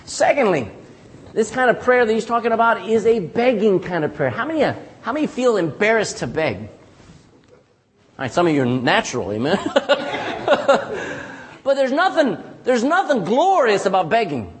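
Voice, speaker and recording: A man pastor preaching a sermon, animated and calling out for "amen" from the congregation. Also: high-pitched, normal speed. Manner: animated preaching with frequent call-and-response "amen".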